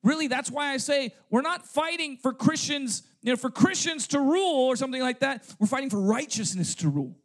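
A man's voice: very high-pitched, expressive, brisk, hardly any pauses. A male pastor preaching a sermon, checking in with "okay?" and "right?" and firing off rhetorical questions. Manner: punctuates points with "okay?" and "right?"; asks rhetorical questions to the congregation. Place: church service.

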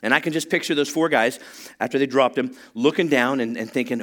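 A pastor delivers a sermon at a fairly quick clip with a medium-pitched voice, telling an animated story full of humor in which he acts out the voices of the people involved.

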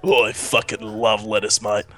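A man's voice: lowish voice, little pitch movement, moderate pace, a bit bright, soft background music. An Australian man co-hosting a podcast in casual banter, blunt and full of swearing. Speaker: podcast co-host.

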